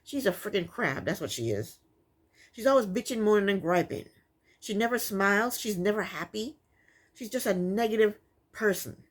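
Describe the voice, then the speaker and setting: A woman's voice: medium pitch, animated, moderate pace. A woman giving a casual, opinionated recap of a reality TV episode, sassy and exasperated. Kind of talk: casual commentary.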